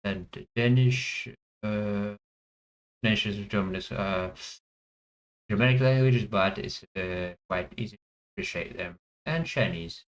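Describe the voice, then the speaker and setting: Low-voiced man thinking aloud, halting. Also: low-quality recording. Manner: hesitant, many pauses and fillers. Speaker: player of a language guessing game. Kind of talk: thinking aloud while playing.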